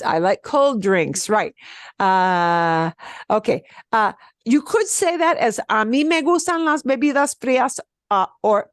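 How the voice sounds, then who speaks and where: A woman's voice: mid-range voice, dry recording, clean studio sound. A woman teaching a beginners' Spanish class over a video call, explaining patiently and checking in with "okay?" often.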